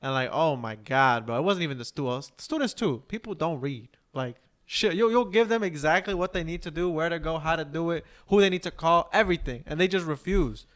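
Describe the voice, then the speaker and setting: A man's voice: on the high side, expressive, brisk, fairly bright tone. A young man on a podcast, ranting in an exasperated, slangy way with swearing. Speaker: podcast guest. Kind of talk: casual chat.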